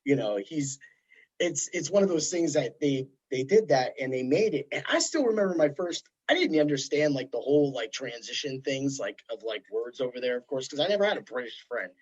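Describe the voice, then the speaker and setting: A man hosting a podcast, chatting casually in a rambling, animated way. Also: medium pitch, brisk, slightly rough. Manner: rambling, animated storytelling with put-on voices. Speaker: podcast host. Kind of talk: casual chat. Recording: dull lo-fi sound.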